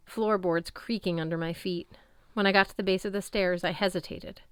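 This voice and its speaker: A woman narrating a first-person audiobook in an expressive storytelling manner. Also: lowish voice, clean tone, no room sound, clean studio sound.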